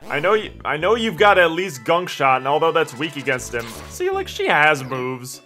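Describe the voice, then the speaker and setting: A man hosting a let's play, commentating excitably and yelling at his teammate and the game. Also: fairly high pitch, normal speed, faint music behind.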